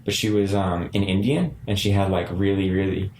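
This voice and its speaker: A man's voice: low voice, fairly even intonation, normal speed, darkish tone. A man co-hosting a podcast, telling stories in casual chat and laughing often. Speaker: podcast co-host. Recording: roomy echo, faint noise.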